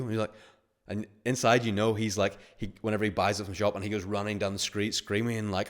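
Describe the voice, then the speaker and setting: A man's voice: on the low side, fairly even intonation, fast. A man hosting a webinar as a money-mindset coach, talking casually in a rambling, filler-heavy way and acting out little scenarios.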